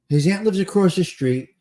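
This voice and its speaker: Male live-stream host, New Jersey accent, warm mellow tone, chatty and repetitive. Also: high voice. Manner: chatty, repeats phrases for emphasis. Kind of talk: casual live-stream chat.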